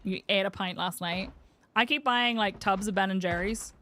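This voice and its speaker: A woman streamer talks her way through gameplay commentary, chatting to her game character and swearing casually. Her voice is medium in pitch, bright and pushed, at a normal speed, with slight background noise.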